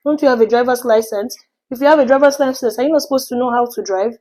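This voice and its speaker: Lady putting on a bossy traffic cop guy, scolding fast, voice sits kinda high. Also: darkish tone, lightly acted. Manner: scolding, rapid-fire questions. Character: stern bullying male traffic officer, middle-aged.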